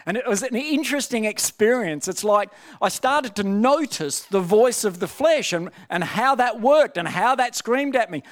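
Brief: male preacher, high for a man, testimony style, repeats and restarts. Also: animated, moderate pace, few pauses, a bit bright. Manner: personal testimony with many restarts and rhetorical questions. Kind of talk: sermon.

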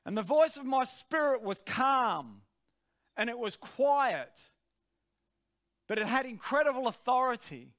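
A man's voice: very high voice, a bit bright. A man preaching a sermon, telling a personal story in an earnest, direct way.

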